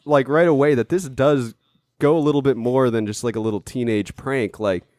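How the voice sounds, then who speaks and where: A man co-hosting a casual comedy podcast, rambling through the story and doubling back on himself. His voice is close and dry, with no room sound, and his pitch sits in the middle for a man. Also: moderate pace, a little mellow, no room sound. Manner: rambling, self-interrupting storyteller. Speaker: podcast co-host.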